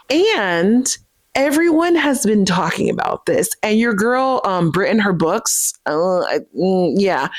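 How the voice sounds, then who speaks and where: A woman talking casually and chattily about the books she bought, animated and self-deprecating. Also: fairly low pitch, no room sound. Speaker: book vlogger. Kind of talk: casual book haul chat.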